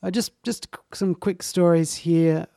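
A man's voice: on the high side, fairly even intonation, unhurried, vocal fry, mellow, no echo, clean studio sound. A man hosting a casual commentary chat, speaking earnestly and with emphasis, lingering on his phrases. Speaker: talk show host.

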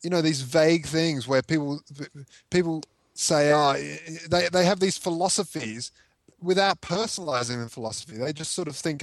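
Argumentative man, slightly high voice. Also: normal speed, no room sound. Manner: argumentative, fires rhetorical questions. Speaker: co-host. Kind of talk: casual commentary chat.

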